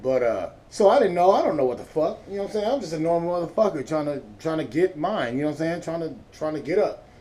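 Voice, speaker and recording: A man's voice: a little high, lively intonation, quick pace, dark tone. A man hosting his own vlog, telling a rambling, profane story in a laid-back way. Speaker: vlog host.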